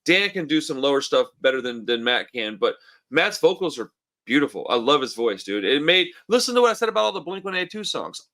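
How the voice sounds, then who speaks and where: A man's voice: mid-range voice, big pitch swings, a little fast, pushed and bright. A man co-hosting a music podcast in casual chat over a remote call, talking enthusiastically and calling his partner dude and bro. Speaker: podcast co-host. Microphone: remote call mic.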